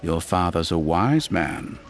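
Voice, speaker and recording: A man reading a slow, menacing Imperial officer. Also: sits low, lively intonation, pitched below the performer's own voice. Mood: cold, probing.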